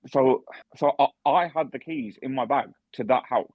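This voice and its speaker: Speaking at normal speed in a mid-range voice, this young man co-hosts a podcast and works as a barman. He's telling a story in laid-back chat, cursing heavily and constantly restarting and filling gaps. The recording is dry and dull, from a lo-fi podcast mic.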